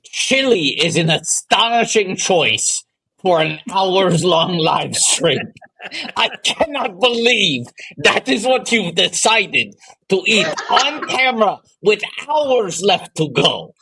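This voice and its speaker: A man's voice: sits high, sing-song, slow, bright, forceful tone. A man hosting a charity livestream, joking in casual banter and reacting with disbelief to what his co-hosts do. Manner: incredulous, joking, reads chat comments aloud.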